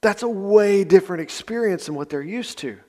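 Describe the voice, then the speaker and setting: A man's voice: high voice, expressive, moderate pace, darkish tone. A male pastor, preaching a sermon in a conversational, folksy manner. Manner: conversational, plain-spoken, folksy asides. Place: church sanctuary. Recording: long church reverb.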